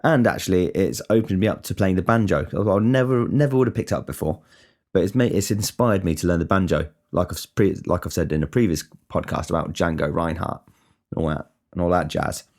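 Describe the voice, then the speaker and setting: A man's voice: deep voice, a little fast, a little mellow. A man hosting a casual solo podcast, rambling and swearing with many restarts. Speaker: podcast host.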